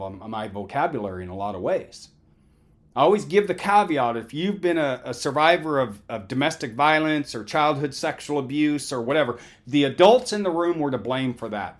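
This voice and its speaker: Middle-aged male counselor, emphatic and conversational, keeps asking "right?"; very animated delivery. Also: fairly high pitch. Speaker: counselor giving a lecture. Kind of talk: motivational talk.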